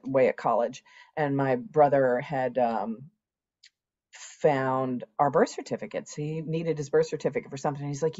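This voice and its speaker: A woman's voice: low-pitched, darkish tone, highs cut off. A woman in her sixties, a podcast guest telling her own story candidly and animatedly, acting out past conversations. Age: 60s. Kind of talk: candid personal interview.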